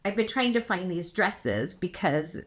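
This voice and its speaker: A middle-aged woman with a Californian accent, co-hosting a casual podcast chat and telling animated stories about her kids, acting out the quotes in them. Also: measured pace. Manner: animated storyteller, acts out quotes in a high voice and laughs often. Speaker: podcast co-host.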